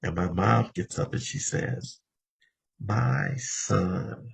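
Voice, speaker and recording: Seventy-year-old man, deep raspy voice, telling his recovery story to a meeting. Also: lively intonation, normal speed. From Los Angeles. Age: 70s. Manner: conversational storytelling, often addressing the room directly. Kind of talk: personal recovery share.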